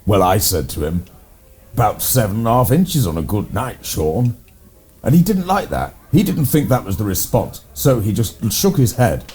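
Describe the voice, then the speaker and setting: English man, low and mellow, lively delivery, deadpan rambling raconteur for comedy chat. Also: slightly rough. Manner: rambling, deadpan tall tales told with relish. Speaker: co-host playing a gentleman's club character.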